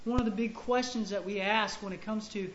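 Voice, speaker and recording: A man giving a sermon to a room of men, conversational and halting, with frequent restarts and punchy stresses. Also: sits high, fairly even intonation, a little hiss or hum. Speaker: preacher. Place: room with an audience. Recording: echoey, muffled room recording with faint ambience.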